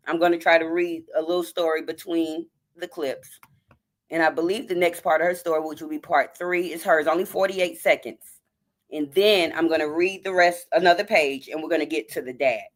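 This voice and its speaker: A woman hosting a livestream, reading a post aloud haltingly with frequent throat clearing and restarts. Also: low voice. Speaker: livestream host.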